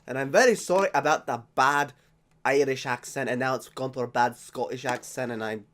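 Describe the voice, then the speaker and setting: A man's voice: medium pitch, normal speed, a bit bright. Rambling, jokey Australian man. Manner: rambling, jokey and self-mocking. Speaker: vlogger. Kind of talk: casual beer-tasting vlog.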